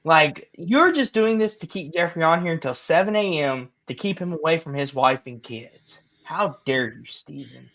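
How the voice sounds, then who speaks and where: A man's voice: a little high, animated, moderate pace, few pauses, a bit bright. A young man co-hosting a casual sports livestream, teasing his friends and laughing as he talks. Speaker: co-host.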